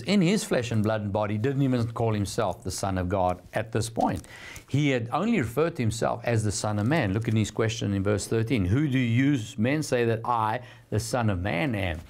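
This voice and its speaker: A middle-aged man preaching a sermon, reading scripture and explaining it in an earnest, reflective teaching manner. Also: medium pitch. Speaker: pastor.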